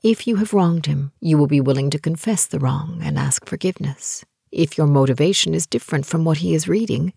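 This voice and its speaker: Husky low woman reading softly. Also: no echo, clean studio sound. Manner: soft, gentle reading that often drops to a whisper. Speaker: audiobook narrator. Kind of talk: scripted narration of a relationship book.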